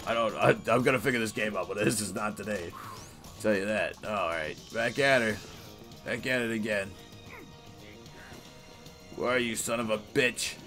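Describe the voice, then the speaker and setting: A man giving casual, profane, excitable commentary while playing a video game. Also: on the low side, normal speed, pauses often, faint music behind. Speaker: let's play host.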